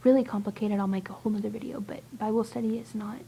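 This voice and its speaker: A young woman vlogging to a friend, talking mostly in a hushed whisper and rambling with hesitant fillers. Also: medium pitch, fairly even intonation, fast, gravelly, slight background noise, rough recording. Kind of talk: casual whispered video chat to a friend.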